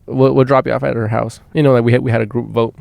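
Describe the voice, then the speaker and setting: A man's voice: mid-range voice, little pitch movement, very fast, vocal fry, darkish tone, dry recording. A man hosting a podcast, telling casual stories in a rambling way with lots of swearing and restarts, recorded in a van. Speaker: podcast host. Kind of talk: casual storytelling. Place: inside a van.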